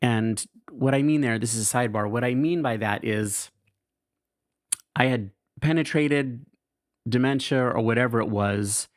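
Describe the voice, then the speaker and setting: A man's voice: mid-range voice, measured pace, no room sound, clean studio sound. A man hosting a podcast, candidly reading his caregiving diary aloud in a wry, self-mocking way, swearing casually. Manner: frank and wry, swears casually, laughs at himself.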